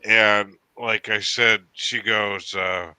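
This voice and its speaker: A man's voice: on the low side, fairly even intonation, takes it slowly, pushed and bright, smooth, no echo. A man from Cape Cod with a Massachusetts accent, rambling and swearing in a casual chat as host, with lots of fillers. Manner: rambling, profane, many fillers.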